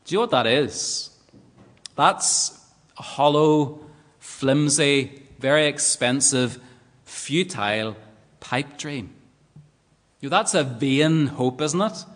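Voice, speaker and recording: A man's voice: medium pitch, takes it slowly, pauses often, fairly bright tone. A man with a Northern Irish accent preaching a sermon in a church, earnest and fond of rhetorical tag questions. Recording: long church hall reverb.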